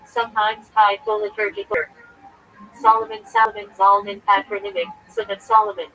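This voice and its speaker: Male rabbi on a livestream, gravelly and bright-toned, reading a list in terse clipped bits with a lively, jumpy pitch. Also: a little fast, low-quality recording. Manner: clipped fragments, terse and listing.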